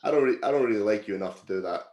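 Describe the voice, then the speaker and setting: A man's voice: lowish voice, animated, very fast, darkish tone. A man hosting a casual podcast, teasing and joking with his co-hosts. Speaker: podcast host. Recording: echoey room.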